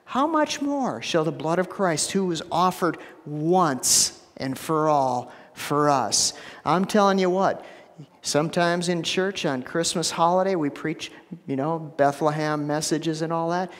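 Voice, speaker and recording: Conversational preacher in a reverberant church. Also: male voice, sits high, measured pace. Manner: conversational preaching with repetitions and asides. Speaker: pastor. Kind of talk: sermon. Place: church sanctuary.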